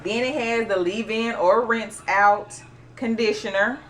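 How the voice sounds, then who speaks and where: A woman chatting casually through an unboxing, animated and excitable. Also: on the high side, measured pace, slight background noise. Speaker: beauty vlogger.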